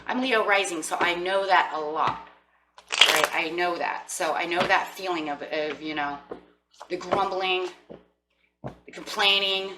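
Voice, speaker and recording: Speaking a little slowly in a fairly low voice, a woman reads tarot for her viewers over some background noise. She keeps it chatty and animated, often acting out people's inner voices.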